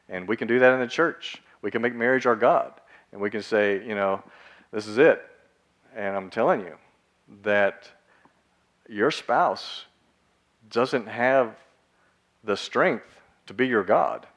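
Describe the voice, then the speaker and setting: Guy preaching laid back, says dude a lot, kinda low voice. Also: fairly bright tone. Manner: conversational, slangy, acts out quoted voices. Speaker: pastor. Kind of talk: casual sermon.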